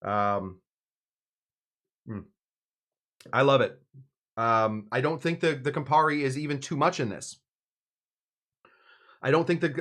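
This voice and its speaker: A man's voice: mid-range voice, fairly bright tone. A man hosting a live cocktail show in a casual, rambling way, full of fillers and restarts, poking fun at himself. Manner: rambling, self-mocking, with frequent fillers and restarts. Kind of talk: casual live-stream chat.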